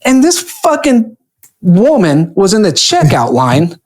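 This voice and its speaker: Profane, animated man telling stories. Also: slow. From California. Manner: swings to high pitch when riled. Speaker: podcast guest. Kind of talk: casual chat.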